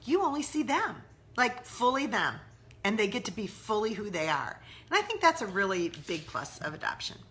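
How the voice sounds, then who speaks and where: A woman's voice: mid-range voice, big pitch swings, normal speed, a bit bright, slight background noise. A middle-aged woman hosting a casual live stream, candidly answering viewers' questions and chatting with their comments. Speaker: host of a live mom-mentoring broadcast. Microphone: live-stream webcam or phone.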